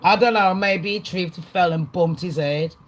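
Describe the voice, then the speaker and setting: A woman hosting a livestream, ranting casually to her chat in an excitable, rambling way, swearing a lot. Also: lowish voice, moderate pace, rough recording. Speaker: livestream host. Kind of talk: casual rant to a live chat.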